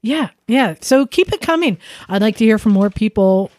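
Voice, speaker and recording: A woman's voice: mid-range voice, expressive, moderate pace, a little mellow, no echo. A woman co-hosting a casual podcast chat, reading listener mail with easy laughter and enthusiasm.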